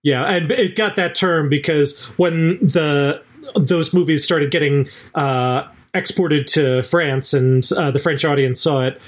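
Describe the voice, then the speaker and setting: A man's voice: a little high, takes it slowly. A man co-hosting a podcast, casually explaining film history with many hesitations. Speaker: podcast co-host. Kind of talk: casual chat.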